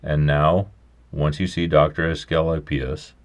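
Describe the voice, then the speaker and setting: A man's voice: a bass voice, little pitch movement, slow. A man voicing a polished, overly polite reception clerk at heaven's gate in a storybook reading. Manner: smooth, polite and precise, growing weary.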